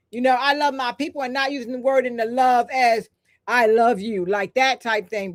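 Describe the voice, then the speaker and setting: An older woman hosting a live stream, talking in an emphatic, repetitive, preacher-like cadence and breaking off for chatty asides while she reads the chat. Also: fairly high pitch. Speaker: host. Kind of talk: live-stream talk reading chat comments.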